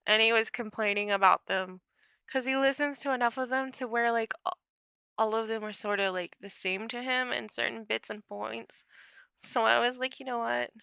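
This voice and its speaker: Bright, creaky-voiced woman chatting. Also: fairly high pitch, moderate pace, no room sound. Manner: chatty, with many fillers. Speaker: writer on a livestream. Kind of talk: casual chat while writing.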